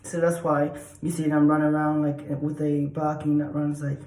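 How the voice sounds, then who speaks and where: A woman's voice: low-pitched, little pitch movement, normal speed, mellow. A woman explaining dog behavior in a rambling, casual way, repeating herself and acting out dog sounds. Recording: roomy echo.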